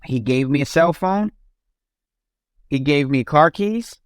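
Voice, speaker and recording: A man's voice: a little high, animated, takes it slowly, smooth, no room sound, studio quality. A young man, a podcast guest, telling his own story in casual speech with frequent restarts and fillers.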